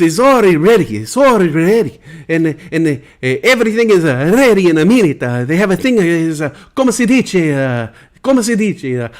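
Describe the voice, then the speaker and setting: A man voicing a boastful Italian man from Milan in a comedic character bit, with a put-on Italian accent, halting and searching for English words. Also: high voice. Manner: exaggerated, sing-song comparisons.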